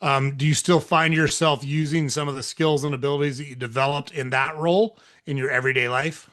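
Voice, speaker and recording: A man hosting a podcast, asking measured questions with a few ums in casual interview chat. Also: a little high, fairly even intonation, a bit bright. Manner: measured, uses fillers like "um". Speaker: podcast host.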